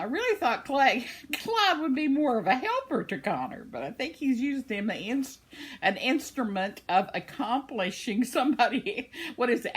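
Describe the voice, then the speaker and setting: A woman's voice: medium pitch, husky. An older woman, chatting casually at home, laughing often as she reads comments from her viewers. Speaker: vlogger reading viewer comments. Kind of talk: casual chat. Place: at home, indoors.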